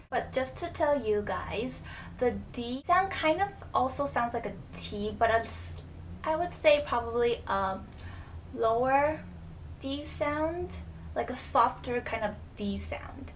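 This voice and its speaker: Higher-voiced young woman teaching slowly. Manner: explains patiently, repeats example words, casual fillers. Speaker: language teacher. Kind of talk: casual spoken lesson. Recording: distant mic with faint room noise.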